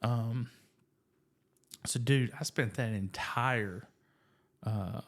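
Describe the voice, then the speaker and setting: A guest with a gravelly, mid-range voice tells his faith testimony to friends in a casual storytelling style. He's animated and self-deprecating, draws out his words, and relies heavily on fillers.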